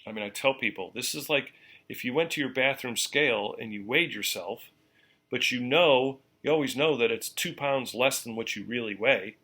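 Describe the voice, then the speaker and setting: Bright-voiced man lecturing casually. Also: medium pitch, husky. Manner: repeats key points slowly, frequent "okay?" check-ins; casual, conversational explaining. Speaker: university lecturer. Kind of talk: classroom lecture.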